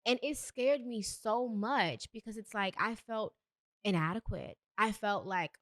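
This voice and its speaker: A woman's voice: mid-range voice, unhurried, dry recording, studio quality. A young adult woman hosting a solo podcast, talking earnestly and a bit preachy, with emphatic bursts. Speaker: podcast host. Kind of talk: solo motivational podcast talk.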